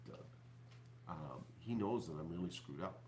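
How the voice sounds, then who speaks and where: A man hosting his own channel, talking to viewers in a rambling, halting way full of fillers and restarts, sounding depressed and upset. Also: low voice, expressive, noisy background. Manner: halting, repeats words, many fillers. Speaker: YouTuber host. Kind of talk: rambling live-stream talk to viewers.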